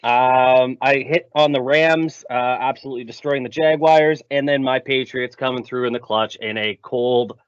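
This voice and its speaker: A man's voice: medium pitch, normal speed, few pauses, smooth, no echo. A man co-hosting a casual sports betting podcast, upbeat and laid-back in his banter. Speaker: podcast co-host. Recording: muffled lo-fi podcast mic.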